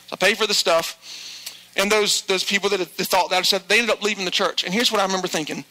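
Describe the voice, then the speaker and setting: A male pastor delivers an animated sermon in a very high, piercingly bright voice. He acts out the people he quotes and drops his voice low when he drives a point home. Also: racing, low-quality recording.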